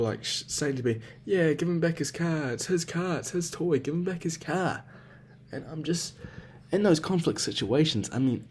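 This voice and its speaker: Low-voiced young man, rambling and profane. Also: a little mellow, slight background noise. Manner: rambling and self-reflective, with heavy swearing and slang. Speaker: vlogger. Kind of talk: casual spoken journal.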